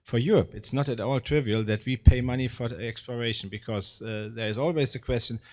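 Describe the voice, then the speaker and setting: A German man in his sixties, a space agency director, addresses a live public audience in accented English. His mid-range, slightly mellow voice moves briskly, yet he hesitates, fills pauses, restarts often, and pokes fun at himself.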